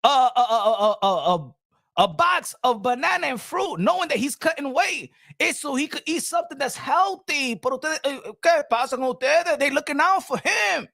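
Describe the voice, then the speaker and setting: A man hosting a boxing livestream, loud and joking, switching between languages while reading super chats. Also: very high voice, lively intonation, normal speed, creaky, no room sound, clean studio sound. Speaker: boxing show host.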